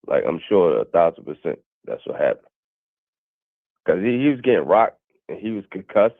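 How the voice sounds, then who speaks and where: A man's voice: deep voice, sing-song, moderate pace, vocal fry, no room sound. A man calling in to a casual boxing debate, blunt and profane, often talking over the others. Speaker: caller on a boxing show. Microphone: phone call. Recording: dry tinny phone line.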